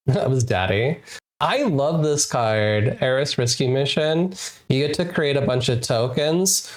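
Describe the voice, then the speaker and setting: An adult game streamer chatting casually with viewers during a live stream, playful and excitable, laughing often. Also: medium pitch. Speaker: wholesome RPG game streamer.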